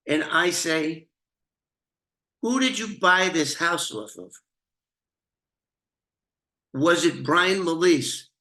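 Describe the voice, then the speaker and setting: Profane, slow-talking man in an echoey room. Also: a little high, expressive, sharp tone. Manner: blunt and profane, with frequent restarts and throat-clearing. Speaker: storyteller recounting his own experience. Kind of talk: casual storytelling.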